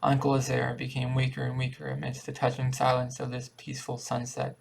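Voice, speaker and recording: A man reading a short story aloud as an audiobook, with a steady, measured delivery. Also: medium pitch, vocal fry. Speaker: audiobook reader. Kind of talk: audiobook narration.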